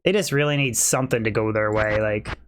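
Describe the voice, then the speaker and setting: A man's voice: lowish voice, brisk, slight background noise. A young man on a game livestream, chatting casually with viewers and keeping his voice down because his wife is asleep. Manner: chatty, rambling, reads and answers chat. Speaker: game streamer. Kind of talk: casual livestream chat while playing.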